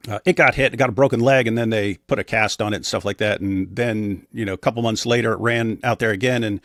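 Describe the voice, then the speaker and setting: A man's voice: fairly low pitch, steady tone, fast, a bit bright, no echo, clean studio sound. A man as an interview guest, telling a personal story in a matter-of-fact way with frequent restarts. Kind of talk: casual storytelling in conversation.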